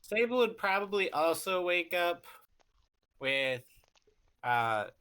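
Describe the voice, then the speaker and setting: A man playing in a tabletop game, speaking haltingly. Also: high voice, big pitch swings, sharp tone, clear, resonant tone. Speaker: player. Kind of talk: tabletop game play, casual.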